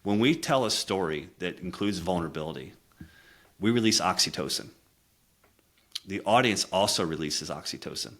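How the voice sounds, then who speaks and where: Deep-voiced man telling a personal story. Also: expressive, moderate pace. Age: middle-aged. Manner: earnest, reflective, drops quiet for emotional moments. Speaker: guest, communication coach.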